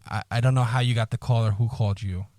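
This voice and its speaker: A man on a podcast telling a painful personal story, halting, repeating words and swearing often, close to tears. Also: mid-range voice, fairly even intonation, darkish tone, dry recording. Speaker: podcast co-host.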